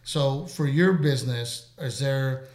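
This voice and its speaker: A man hosting a casual interview chat as a comedian, telling stories with lively asides. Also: medium pitch, slow. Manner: animated storyteller, quotes people in put-on voices. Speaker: podcast host and comedian. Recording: roomy echo.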